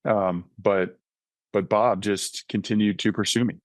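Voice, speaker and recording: Man, 30s, low-ish voice, earnest personal testimony, casual interview chat, dry close sound. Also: fairly even intonation, unhurried, no room sound. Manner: earnest storyteller, often checks in with "right?". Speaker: podcast guest, author and mentoring ministry founder.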